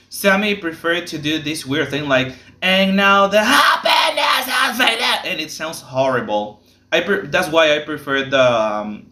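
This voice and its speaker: A man hosting a reaction video, critiquing the vocals in casual commentary, blunt but quick to apologize. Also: medium pitch, sharp tone, reverberant.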